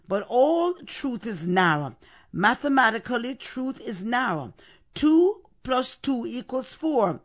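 A man's voice: high-pitched, fairly bright tone. Emphatic male preacher. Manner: emphatic, repeats words for weight; stumbles and restarts mid-sentence. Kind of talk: sermon.

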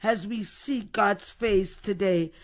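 A man's voice: high-pitched, slow pace. A man preaching a sermon, building up to repeated rhetorical questions with emphasis.

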